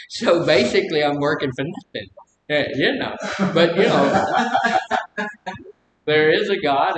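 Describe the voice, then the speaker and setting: The man leading this recovery group as an addiction counselor has a slightly higher voice and a casual, conversational style. He asks the group questions and jokes through personal stories, in a room with noticeable echo and a faint rumble.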